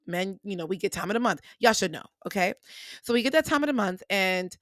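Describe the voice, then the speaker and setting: A woman's voice: mid-range voice, brisk, no room sound. Chatty woman podcast host, dry sound. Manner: animated, chatty, addresses listeners as y'all. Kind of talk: casual motivational podcast talk.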